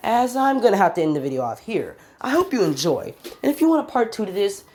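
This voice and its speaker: A woman's voice: medium pitch, sing-song, fast, a little mellow. A woman casually retelling a made-up story, rambling and often correcting herself. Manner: rambling, self-correcting, filler-heavy. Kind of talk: casual fan-fiction retelling.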